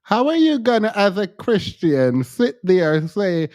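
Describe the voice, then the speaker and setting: A man's voice: high voice, big pitch swings, measured pace, few pauses, darkish tone, dry recording. Exasperated man ranting into a dry mic. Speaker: commentary host. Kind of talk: casual online commentary.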